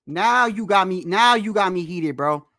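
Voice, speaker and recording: A man hosting a boxing livestream and ranting in a heated, animated way, repeating himself, swearing often and trash-talking the chat. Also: sits high, normal speed, no room sound, clean studio sound. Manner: animated, repetitive, trash-talking with frequent profanity.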